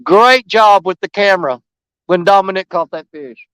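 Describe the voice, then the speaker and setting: A man's voice: high voice, moderate pace, fairly bright tone, smooth, no room sound, poor audio. A man chatting to live-stream viewers outdoors by a river, folksy and enthusiastic.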